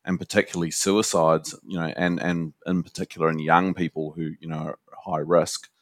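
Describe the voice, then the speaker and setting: A man's voice: deep voice, little pitch movement, normal speed, no echo, clean studio sound. A man with a New Zealand accent, a guest academic answering interview questions in an earnest, conversational way. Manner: earnest, with frequent "you know" fillers. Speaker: guest academic and suicide educator.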